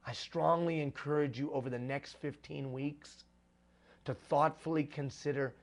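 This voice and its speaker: Man, motivational speaker, emphatic, repeats refrains, slightly higher voice. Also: steady tone, moderate pace. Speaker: speaker addressing executive leaders. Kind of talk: live motivational talk.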